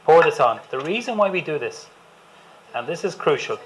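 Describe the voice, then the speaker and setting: A man's voice: on the high side, very animated, moderate pace, slight background noise, poor audio. A man with an Irish accent, a chef giving a chatty, enthusiastic live cooking demonstration to an audience and joking with them as he goes. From Ireland.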